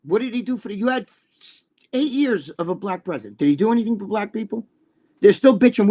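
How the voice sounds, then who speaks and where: A man's voice: high-pitched, very animated, brisk, warm tone, slightly rough. A man co-hosting a talk show, ranting in heated casual chat, swearing, repeating himself and acting out quoted people. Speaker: podcast co-host.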